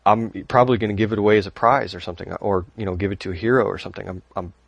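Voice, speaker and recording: A man hosts a relaxed podcast, talking in a low, loose, rambling way and laughing easily. The recording is dry and close, with no room sound. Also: rapid-fire, gravelly, no echo. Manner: rambling, laughs often, reads listener email. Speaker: podcast host. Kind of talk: casual podcast chat.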